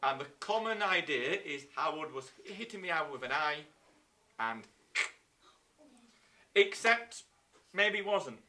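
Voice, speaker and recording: Lively English teacher with a bright voice. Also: male voice, a little high, a little slow, pauses often. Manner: lively storytelling, acts out scenes in silly voices. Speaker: primary school teacher. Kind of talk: live online history lesson.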